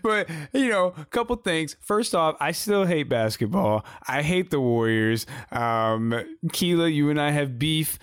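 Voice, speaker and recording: A man with a smooth, clear voice co-hosts a casual wrestling podcast, grumbling and cracking jokes as they trade jabs. He sounds dry and close to the mic. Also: a little high, lively intonation, a little slow, few pauses, no echo. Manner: grumbling, joking banter. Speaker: podcast co-host.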